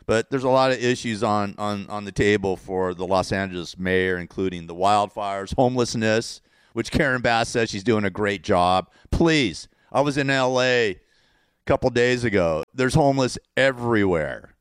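A man's voice: fairly low pitch, normal speed, clear, resonant tone, no room sound, clean studio sound. A man from California with a Californian accent, ranting casually and sarcastically, rambling and repeating himself and laughing at his own jokes. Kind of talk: casual political rant to camera.

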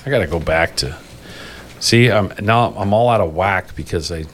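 Male union podcast host, low-pitched, loose and rambling delivery, quick to laugh. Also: a bit bright, slight background noise. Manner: rambling, self-correcting, laughs easily. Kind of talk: casual podcast chat.

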